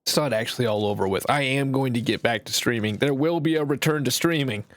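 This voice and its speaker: A game streamer with a Canadian accent and a nasal voice rambles and casually swears through his gameplay commentary. He talks fast at a medium pitch.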